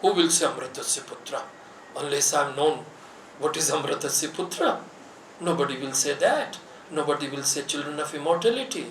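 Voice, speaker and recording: A man giving a slow, reflective devotional talk with dramatic pauses. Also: on the high side, lively intonation, a bit bright, slight background noise. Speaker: spiritual speaker. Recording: echoey room, voice from far off.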